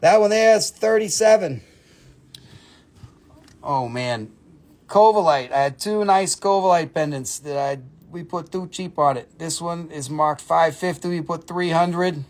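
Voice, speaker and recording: A man runs a live sale stream from his phone indoors, reeling off prices one after another. His voice sits a touch high for a man, and he keeps up a loose, playful patter between items. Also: a little slow, a little mellow. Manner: chatty, rattles off prices, playful asides. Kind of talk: casual live-stream selling. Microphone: phone camera.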